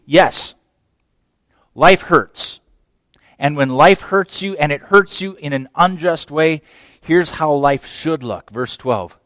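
Man, pastor, sermon, emphatic, hushed to loud, slightly high voice, dry close sound. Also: dry recording.

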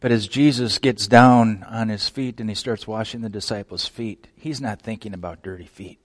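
A man preaching a sermon as pastor, animated, acting out quoted voices and dropping to near-whispers at the ends of phrases. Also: on the low side, moderate pace. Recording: long reverb of a large hall.

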